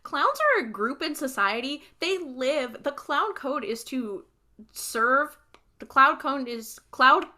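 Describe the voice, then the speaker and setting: A woman's voice: high-pitched, lively intonation, takes it slowly, bright, forceful tone. A woman co-hosting a podcast, joking sarcastically and stating strong opinions playfully. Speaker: podcast co-host. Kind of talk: casual banter.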